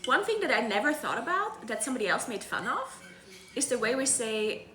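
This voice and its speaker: A woman's voice: a little high, big pitch swings, brisk, pushed and bright. A young woman from Tyrol, chatting casually with her stream viewers, laughing often and filling her talk with "like.". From South Tyrol. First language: German (South Tyrolean dialect). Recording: roomy echo.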